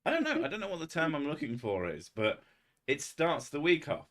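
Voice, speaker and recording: A man's voice: fairly high pitch, wildly swooping pitch, a little fast, fairly bright tone. Sweary, rambling man streaming. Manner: rambling, sweary and self-mocking. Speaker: streamer hosting a live chat. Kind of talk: casual live-stream chat.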